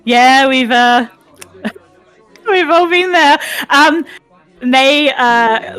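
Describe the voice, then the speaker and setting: A woman playing in a tabletop game, playful and quick to laugh. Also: high voice, a bit bright, soft background music. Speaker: player. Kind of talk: casual chat in a tabletop game.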